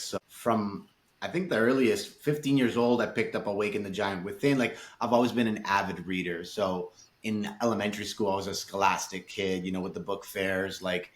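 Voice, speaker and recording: Podcast guest, male, low register, loose and candid, restarts a lot, curses freely. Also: normal speed, roomy sound. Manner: animated, laughing, frequent restarts and swearing. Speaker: podcast guest, motivational speaker. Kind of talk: casual podcast chat.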